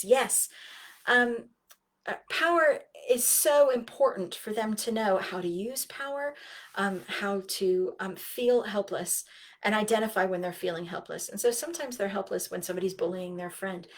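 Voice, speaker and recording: A woman giving a live-streamed talk to parents, in a middle-range voice. She speaks earnestly and often acts out the back-and-forth of talks with kids. Her voice sometimes drops to soft, near-whispered asides. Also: medium pitch, moderate pace.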